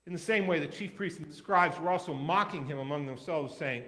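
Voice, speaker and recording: A man's voice: fairly high pitch, expressive. Man giving a dramatic scripture reading. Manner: measured, dramatic, with wide swings in loudness. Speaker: scripture reader. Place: church.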